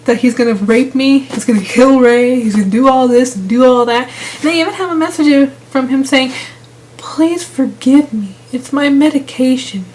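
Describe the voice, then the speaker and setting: A young woman with a high, somewhat dark voice rants casually in a vlog about online gaming drama. She sounds sarcastic and exasperated, rambling and restarting as she goes, and the audio quality is poor.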